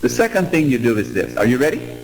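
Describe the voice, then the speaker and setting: A man preaching a sermon in a large church, animated and drawing the audience in with questions. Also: medium pitch, quick pace. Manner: animated, asks audience to respond. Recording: echoey hall with music behind.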